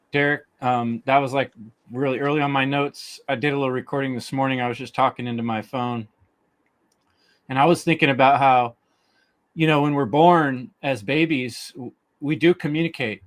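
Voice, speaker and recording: A man hosting a podcast roundtable, friendly and animated as he hands the talk between guests. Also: mid-range voice. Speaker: podcast host. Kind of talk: casual roundtable chat.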